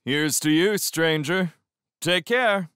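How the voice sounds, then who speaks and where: A man's voice: on the low side, sing-song, a little slow, a bit bright, no echo, clean studio sound. A man reading aloud and voicing an easygoing, cheerful young man with a breezy, light delivery.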